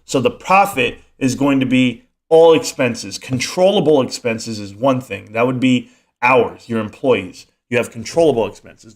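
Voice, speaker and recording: A man in his thirties hosting a live stream, chatting loosely and animatedly. He rambles from story to story and answers viewers' messages as they come in. His voice sits at an ordinary middle pitch. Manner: animated, rambling, talks back to chat. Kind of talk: casual live stream chat.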